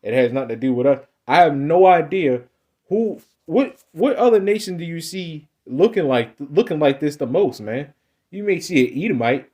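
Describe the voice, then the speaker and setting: A man's voice: a little high, lively intonation, moderate pace, mellow. A man preaching in a loose, conversational way, emphatic and repetitive, often ending phrases with "man". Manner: loose, conversational slang and restarts. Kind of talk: casual Bible teaching.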